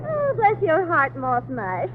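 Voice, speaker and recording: A woman's voice: sing-song, normal speed. A woman playing a daffy, man-chasing spinster in 1940s radio comedy, giggly and brassy. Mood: flirty. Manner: shrill, giggly, brassy delivery. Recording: hissy lo-fi 1940s radio broadcast.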